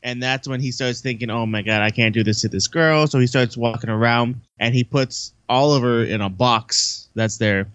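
Man, podcast co-host, animated movie recap, dry close mic. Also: medium pitch, moderate pace, few pauses, no room sound, muffled recording. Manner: animated, acts out characters' lines. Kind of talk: casual movie recap chat.

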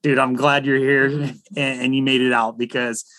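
A man's voice: mid-range voice, little pitch movement, moderate pace, sharp tone, no echo. A man hosting a casual interview, laid-back and laughing easily, calling his guest "dude.". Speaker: podcast host.

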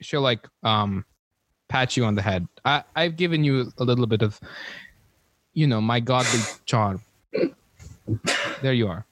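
A man narrating and playing a goddess figure as game master of a tabletop game, relaxed and a little hesitant. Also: medium pitch, unhurried, long pauses, no echo, low-quality recording.

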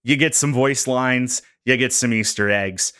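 A man on a podcast walking co-hosts through prepared bullet points in a jokey, animated way. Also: medium pitch, unhurried, smooth. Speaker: podcast host presenting research. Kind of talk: casual podcast chat.

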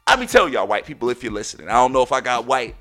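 A man hosting a podcast, telling stories in a casual monologue with loud, excited exclamations, and addressing listeners as "ladies and gentlemen". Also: medium pitch, racing, soft background music. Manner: animated storyteller, bursts into loud excited exclamations. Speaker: podcast host.

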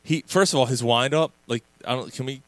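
A man in a casual sports chat, telling stories with lots of energy, swearing freely and often restarting his sentences. His voice sits at a middling pitch. The recording is close and dry, with no room sound. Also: fairly quick, no room sound. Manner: animated storyteller, profane, many restarts. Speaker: podcast co-host.

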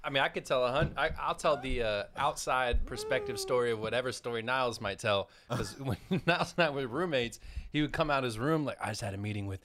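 A man's voice: medium pitch, brisk, fairly bright tone. A man co-hosting a casual comedy podcast, a comedian joking wryly with his friends. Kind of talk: casual chat.

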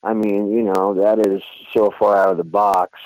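A man's voice: fairly low pitch, normal speed, dry recording, poor audio. A male singer being interviewed, chatting casually and rambling with lots of "you know" fillers. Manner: animated storyteller. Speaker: band singer, interview guest.

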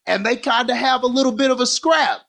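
A man, talking through a movie scene in a casual podcast chat, animated and rambling. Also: extremely high pitch, a little fast. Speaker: podcast co-host.

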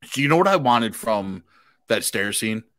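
Low-voiced man in casual movie chat. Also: moderate pace, dry recording. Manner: animated, swears casually. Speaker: podcast co-host.

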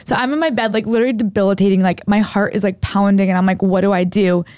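A woman's voice: mid-range voice, fast, dry recording, studio quality. A young woman casually telling a long story on a podcast, rambling and filling her speech with "like". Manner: rambling, heavy use of "like", animated retelling.

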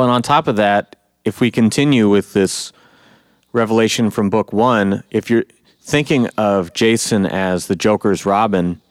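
A man co-hosting a podcast, talking through a comic book in a casual, animated way. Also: on the low side, no room sound, clean studio sound. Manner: animated storyteller, acts out quotes. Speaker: podcast co-host.

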